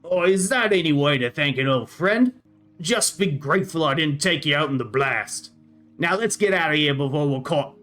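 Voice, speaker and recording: A man's voice: a little high, expressive, normal speed, fairly bright tone, faint music behind. A man voicing a small, brusque jailbreaker who bosses an old friend around in a tabletop game. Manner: bossy, scolding.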